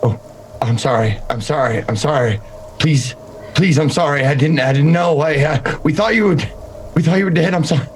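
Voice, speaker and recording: A man's voice: medium pitch, fairly quick, gravelly, slight background noise, natural voice. A man playing a terrified young man who stammers out repeated apologies. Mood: panicked pleading.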